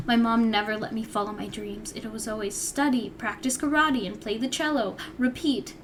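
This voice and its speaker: Young woman vlogger, slightly high voice, reads her own old story aloud with dry, chatty side comments over faint background noise. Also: fairly even intonation, moderate pace. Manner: wry, chatty asides. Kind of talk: reading aloud with casual commentary.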